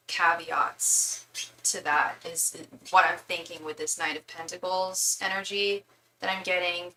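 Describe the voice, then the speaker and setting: A woman's voice: on the low side, bright, forceful tone, reverberant. Young woman, tarot reader, chatty, fillers and restarts, slightly distant mic, faint background noise. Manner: calls the listener "girl". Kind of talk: live tarot reading.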